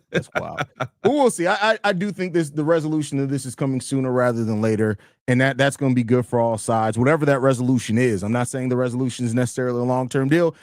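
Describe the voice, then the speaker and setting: A man co-hosting a sports podcast, talking fast and animated in casual banter, saying "bro" often. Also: medium pitch, no room sound, studio quality. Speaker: podcast co-host.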